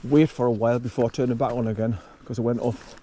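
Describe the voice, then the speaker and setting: A fast-talking man with a dark-toned, mid-range voice and fairly even intonation walks his dog outdoors on a rural walk. He chats to camera and keeps stopping to call the dog, with slight background noise behind him.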